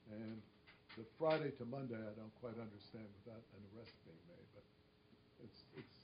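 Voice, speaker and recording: Halting man questioning a panel. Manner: halting, measured, many restarts. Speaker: audience questioner, senior advisor. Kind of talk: public discussion. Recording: dull lo-fi recording with faint rumble.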